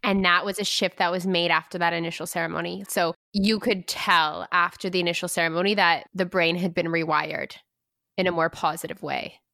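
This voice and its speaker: A female interviewer with a crisp, bright tone and a dry, close sound. She speaks mostly in short affirmations and follow-up questions. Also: lowish voice, little pitch movement, brisk, dry recording. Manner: brief affirming replies and questions.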